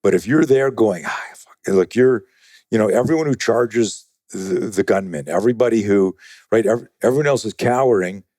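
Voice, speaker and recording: A man being interviewed as a self-defense trainer, telling animated, profane stories and acting out other people's voices. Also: fairly low pitch, normal speed, no room sound, clean studio sound. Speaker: guest, self-defense and fear-management trainer. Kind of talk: conversational storytelling in a podcast interview.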